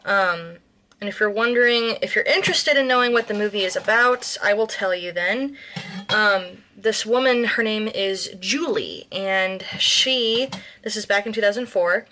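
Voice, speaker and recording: A woman's voice: mid-range voice, a little slow, bright, forceful tone, a little hiss or hum. An American woman chatting casually in a cooking vlog, rambling with lots of ums and self-corrections. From United States. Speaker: vlogger.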